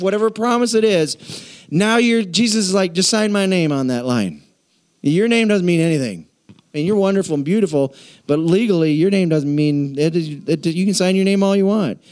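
A man preaching a sermon in a church, energetic and playful, calling out to the congregation. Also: high voice. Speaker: pastor.

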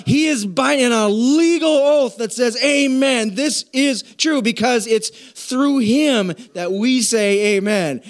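A man preaching a sermon in a church, energetic and playful, calling out to the congregation. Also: high-pitched. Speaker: pastor.

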